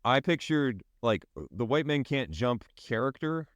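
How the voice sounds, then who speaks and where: A man's voice: medium pitch, animated, measured pace, no echo. A man co-hosting a casual podcast chat, easygoing, often restarting his sentences. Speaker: podcast co-host.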